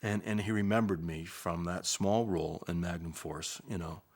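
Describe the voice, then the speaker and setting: An older man, an actor, recalling his early career in a soft-spoken, unhurried interview manner. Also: deep voice, steady tone. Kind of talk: interview reminiscence.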